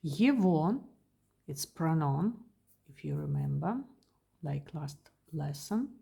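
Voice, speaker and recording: Slow, soft Russian-accented woman teacher. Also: sits low, animated, creaky, husky. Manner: slow, repeats each word carefully. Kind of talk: slow beginner language lesson.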